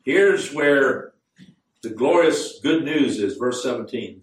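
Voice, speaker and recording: A man preaching a sermon, earnest and growing fervent, slowing down to quote scripture in the words of old Bible translations. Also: medium pitch, animated. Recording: echoey room, mic at a distance.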